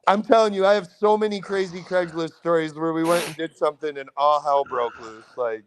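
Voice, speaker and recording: A man's voice: fairly quick, a little hiss or hum. A man with a Midwestern American accent, telling a wild story casually on a podcast and acting out everyone's lines with big jumps in his voice. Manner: animated, profane, acts out quotes with big pitch jumps. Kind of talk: casual storytelling among friends.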